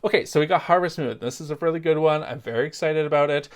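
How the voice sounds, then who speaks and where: A man's voice: fairly high pitch, quick pace. A young adult man from Canada, chatting casually in a vlog with jokey, self-deprecating asides. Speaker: crochet vlogger.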